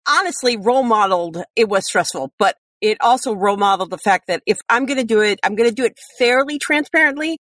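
A woman in casual podcast conversation, chatty, animated and quick to laugh. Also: fairly high pitch, dry recording, studio quality.

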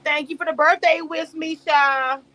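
A woman with a high, pushed, bright voice speaks at normal speed with fairly even intonation. Hosting a casual YouTube live stream reacting to a reality show cast, she reads chat aloud, laughs a lot, and wanders into rambling asides.

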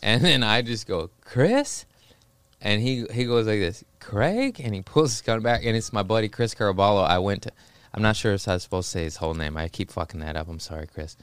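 A man's voice: on the low side, fairly even intonation, fast talker, fairly bright tone, clean tone, no room sound. A young man telling a rambling, profane story in casual podcast chat, acting out the voices of people in it. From Los Angeles area. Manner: rambling, profane, acts out voices in his stories. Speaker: stand-up comic guest.

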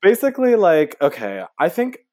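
A man in his twenties co-hosting a podcast in casual chat, wry and quick to laugh. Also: high-pitched, huge pitch swings, darkish tone, no echo, studio quality. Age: 20s. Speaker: podcast co-host. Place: indoors at home.

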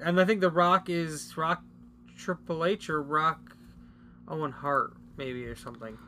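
A man co-hosting a podcast, talking in a loose, rambling and teasing way. His voice sits high and sounds bright and sharp. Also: steady tone, measured pace, slight background noise. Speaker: podcast co-host. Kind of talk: casual chat.

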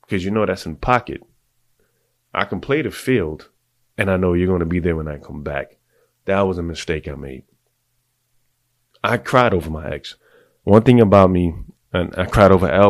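A deep-voiced middle-aged man hosting a podcast, giving blunt, profane, confessional advice to other men in a casual monologue. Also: a little mellow, dry recording. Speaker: podcast host.

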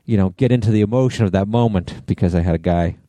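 Mellow-voiced man telling a rambling story. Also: lowish voice, fast, no room sound. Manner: rambling storyteller, swears freely. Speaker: podcast co-host. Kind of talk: casual chat.

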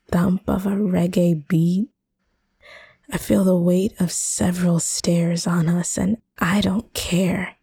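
A woman reads a first-person romance story in a slow, intimate, soft-spoken manner. Her voice is low-pitched and mellow, recorded close and dry with no room sound. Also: breathy edge, no echo. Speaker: audiobook narrator.

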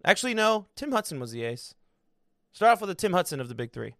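A man's voice: high-pitched, very animated, quick pace, gravelly, a bit bright, no echo, clean studio sound. A young man co-hosting a casual sports podcast, laid-back and teasing, swearing casually as he talks. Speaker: podcast co-host.

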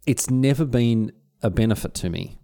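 A man's voice: medium pitch, normal speed, mellow. A man co-hosting a podcast, telling stories in a chatty way and slipping into mock voices. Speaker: podcast co-host. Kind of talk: casual chat. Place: Sunshine Coast, Queensland.

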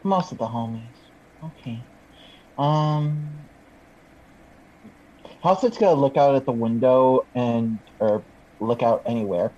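A man's voice: mid-range voice, takes it slowly, long pauses, darkish tone, lo-fi sound, a little hiss or hum. A man playing a tabletop game, asking hesitant questions full of fillers. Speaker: player. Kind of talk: casual tabletop game talk.

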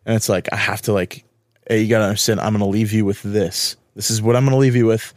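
A man co-hosting a podcast in casual chat, jokey and quick to laugh along. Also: fairly low pitch, steady tone, darkish tone, no room sound, clean studio sound. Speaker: podcast co-host.

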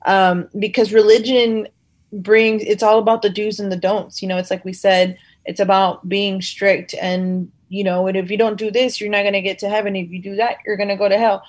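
A woman's voice: mid-range voice, little pitch movement, normal speed. A woman talking casually about her faith, rambling with many fillers and acting out conversations she has had. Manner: acts out quoted conversations.

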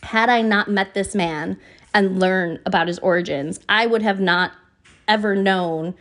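A woman's voice: mid-range voice, unhurried, fairly bright tone. Heartfelt woman podcasting. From United States. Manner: heartfelt and earnest, often emotional, many "you know" fillers. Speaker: podcast host. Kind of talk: casual podcast monologue.

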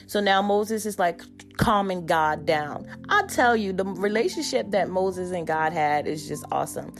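A woman preaching a sermon, reading scripture and retelling it in emphatic, colloquial speech that builds to excited calls. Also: mid-range voice, unhurried, soft background music.

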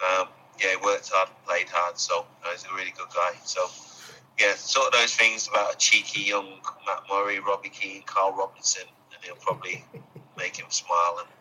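A man recalling stories of a former teammate in a relaxed recorded tribute message. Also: low voice, moderate pace, slight background noise, low-quality recording.

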